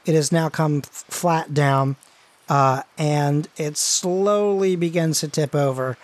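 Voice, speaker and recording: A man narrating as game master of a tabletop game, casual and halting with many fillers. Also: fairly high pitch.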